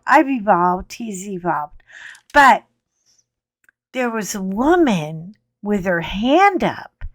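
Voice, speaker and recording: A woman's voice: a little high, fairly bright tone, no room sound, clean studio sound. A middle-aged woman hosting a coloring channel, telling a rambling story in a wry, casual way, with mild cursing and frequent "anyway" asides.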